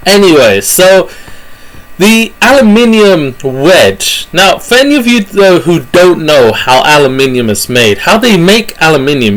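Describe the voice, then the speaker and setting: British guy rambling jokey monologue, kinda high voice, lots of "you know"s and restarts. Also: fairly bright tone, low-quality recording. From Britain. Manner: jokey, rambling, loose with frequent fillers and self-corrections. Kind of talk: comic rambling monologue about pictures on screen.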